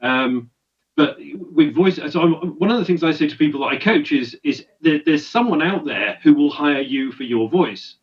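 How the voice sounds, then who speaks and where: A man's voice: fairly high pitch, animated, normal speed. British man, voiceover guest, friendly explaining, far-off muffled video call sound. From Britain. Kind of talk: casual interview chat. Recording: distant dull video-call audio.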